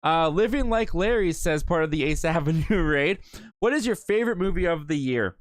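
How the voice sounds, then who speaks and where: A man's voice: a little high, expressive, fairly quick, no room sound. A young adult man hosting a casual live Q&A stream, chatty and rambling, with lots of fillers and self-corrections. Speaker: live stream host reading chat.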